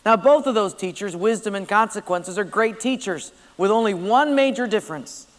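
A man's voice: high voice, expressive, moderate pace. A man preaching a sermon, telling stories and driving his points home emphatically. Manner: storytelling, emphatic. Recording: long hall reverb.

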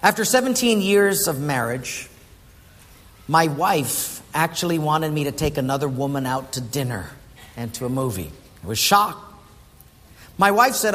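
A man's voice: a little high, lively intonation, measured pace, fairly bright tone, in a large hall. A man preaching a sermon in a conversational way and putting questions to the congregation. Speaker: pastor.

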